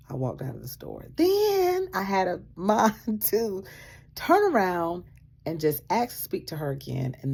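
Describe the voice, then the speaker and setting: A woman casually telling a personal story, animated, acting out what people said and laughing often. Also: low-pitched, gravelly, breathy edge. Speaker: vlogger sharing a faith testimony.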